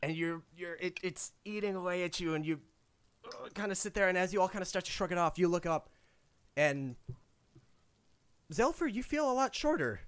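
A man's voice: high-pitched, lively intonation, moderate pace, pauses often, clean tone, no echo. A young man narrating a tabletop game as game master, chatty and laughing often.

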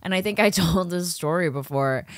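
A woman's voice: lowish voice, normal speed, dry recording, clean studio sound. A woman co-hosting a podcast, telling stories in casual chat with brash, profane acted-out quotes. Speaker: podcast co-host.

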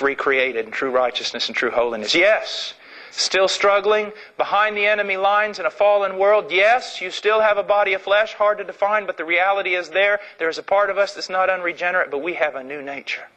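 Impassioned high-voiced male preacher. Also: pushed and bright, rough recording. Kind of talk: sermon.

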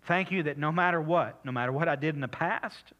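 A man pastor preaching and praying, swinging between loud appeals and soft whispered prayer. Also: fairly high pitch, a little fast, muffled recording. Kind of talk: sermon and prayer.

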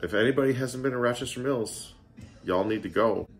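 A man's voice: mid-range voice, a little fast, soft background music. A man casually reviewing beers in his living room, joking around and a bit tipsy with a slight slur. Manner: chatty, joking, getting tipsy and slurring. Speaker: beer vlogger. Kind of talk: casual beer tasting vlog.

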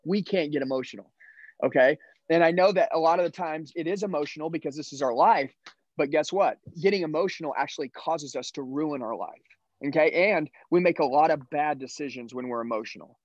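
Dude hyping up sales guys, fairly high voice, punchy, keeps going "okay?", dry kinda dull sound. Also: male voice, brisk, no echo. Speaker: sales trainer. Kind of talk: motivational sales talk.

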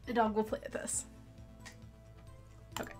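A woman's voice: a little slow, darkish tone, soft background music. A young adult woman chatting casually as a streamer, giggly and reactive while she plays. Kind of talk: casual gameplay commentary.

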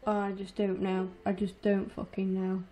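A woman's voice: medium pitch, completely flat delivery, normal speed, dark tone, soft background music. A woman in her twenties giving frustrated, heavily sworn let's-play commentary and talking to her viewers. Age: 20s. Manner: frustrated, swears constantly, talks to viewers. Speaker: gaming streamer.

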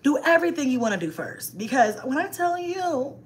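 A woman chatting casually with live viewers about raising kids, animated and slangy, cursing and laughing often. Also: high-pitched, moderate pace, few pauses.

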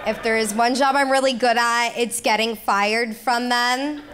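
A woman doing stand-up comedy, delivering deadpan one-liners. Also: on the high side, a little slow, crowd noise. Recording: live club with audience noise.

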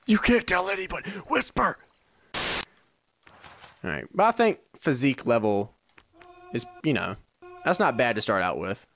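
A man's voice: mid-range voice, big pitch swings, brisk, fairly bright tone, a little hiss or hum. Brash man trash-talking over a game. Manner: brash profane trash talk at game characters. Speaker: gaming YouTuber. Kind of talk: let's-play commentary.

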